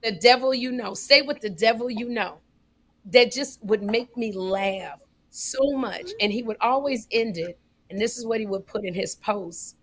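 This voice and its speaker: A woman co-hosting a podcast, telling a story in casual comedic style, animated and getting loud on punchlines. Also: a little high, unhurried. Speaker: podcast co-host.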